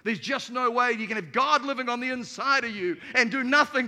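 A man preaching an energetic sermon to a congregation in a church auditorium, emphatic and playful. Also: very high voice, fairly quick, few pauses. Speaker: pastor. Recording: reverberant hall.

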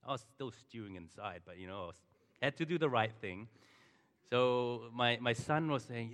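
A man's voice: lowish voice, normal speed, a bit bright. A middle-aged man preaching a sermon as a pastor, telling a personal story in a conversational way and turning to the congregation with asides. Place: church hall. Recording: long reverb of a large hall.

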